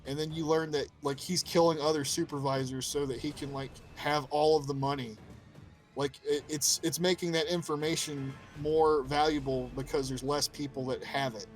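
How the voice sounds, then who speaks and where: Animated, swearing podcast co-host man. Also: a little high, moderate pace, soft background music, rough recording. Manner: animated, swears freely, acts out quotes in character voices. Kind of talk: casual chat about a video game.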